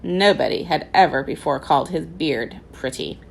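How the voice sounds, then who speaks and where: A woman teacher reads a children's storybook aloud with expressive narration. Her low voice carries a gravelly edge and a lively, rising-and-falling melody. Faint noise runs under the reading. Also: moderate pace, poor audio.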